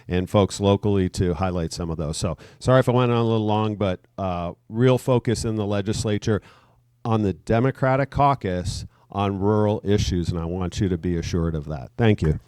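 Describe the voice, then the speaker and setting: A man, a state legislator, gives an upbeat, earnest political speech at a brisk pace. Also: lowish voice, darkish tone, clean tone, no room sound.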